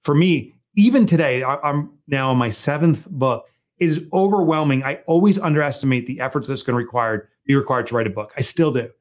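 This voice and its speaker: A man's voice: mid-range voice, a little fast. A middle-aged man, an author and guest, telling stories in casual conversation and joking as he mimics people. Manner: animated storyteller, jokey, mimics people.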